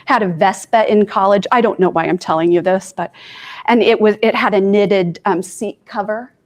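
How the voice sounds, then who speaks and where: A woman's voice: medium pitch, moderate pace. A woman life coach from Kansas giving an informal talk to students, chatty and self-deprecating, with asides to her audience.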